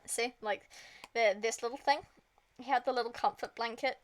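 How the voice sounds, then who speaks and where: A woman's voice: on the high side, steady tone, normal speed. A woman streaming, retelling a story in a casual, rambling way, full of fillers and swearing. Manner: rambling, heavy filler use, frequent swearing.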